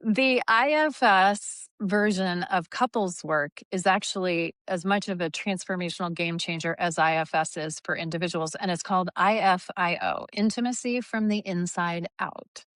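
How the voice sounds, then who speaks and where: A woman in her fifties, a therapist guest talking in an animated way and sometimes acting out angry lines. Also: on the low side, moderate pace, hardly any pauses, no room sound, studio quality. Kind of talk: conversational interview.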